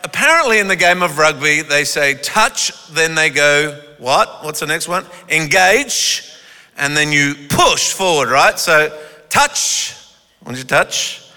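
Male pastor, unhurried, very bright tone; teasing crowd work that builds into strong sermon delivery. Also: fairly high pitch, lively intonation. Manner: playful and teasing, then rising to forceful preaching. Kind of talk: sermon with audience participation. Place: church hall. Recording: echoey hall reverb.

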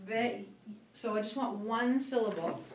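A woman's voice: fairly high pitch, unhurried, a little hiss or hum. A woman teacher guiding students through reading aloud syllable by syllable, patient and encouraging. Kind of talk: classroom instruction. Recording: roomy classroom audio from a distance.

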